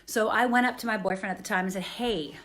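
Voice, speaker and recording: A woman's voice: medium pitch, very fast. Earnest woman coaching directly to camera. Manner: earnest, animated, asks the listener "right?". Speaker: self-help coach.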